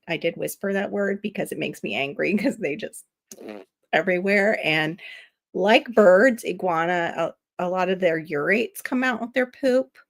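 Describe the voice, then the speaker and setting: A woman's voice: mid-range voice, no echo, clean studio sound. A woman from Florida with a nasal voice hosts a casual gardening livestream, chatting with viewers and answering their comments aloud. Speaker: livestream host.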